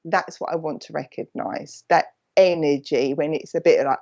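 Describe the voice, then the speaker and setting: Essex woman psychic medium, warm chatty rambler who bounces between thoughts, live stream with slightly dull lo-fi sound. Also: deep voice, fairly even intonation, normal speed. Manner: chatty and affectionate, calls people "my lovely".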